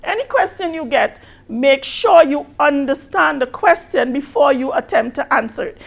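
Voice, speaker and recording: A woman with a Caribbean English accent leads a biology exam review in a high, gravelly, expressive voice. She patiently rereads each question slowly, stressing the key words.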